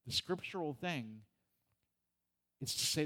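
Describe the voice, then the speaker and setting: A middle-aged pastor preaches to his congregation in a relaxed, conversational voice. He jokes and checks in with his listeners. His pitch sits in an ordinary middle register. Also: a little slow. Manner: conversational and joking, asks the congregation questions. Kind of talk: sermon.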